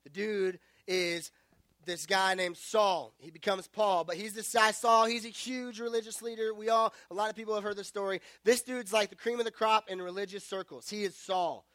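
A young man preaching to a youth group, retelling a story in casual, animated words and joking along the way. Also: sits high, moderate pace, dry recording. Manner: casual, animated storytelling with self-aware jokes. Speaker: youth pastor.

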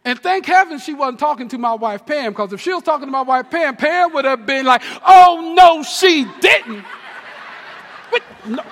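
A man from New Jersey preaches in a very high register, his voice ringing through the long reverb of a large hall. He swings from near-shouts to hushed tones and drops in humorous asides. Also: fairly quick, few pauses. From New Jersey, USA. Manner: animated preaching with big swings between loud and hushed. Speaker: pastor. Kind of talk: sermon.

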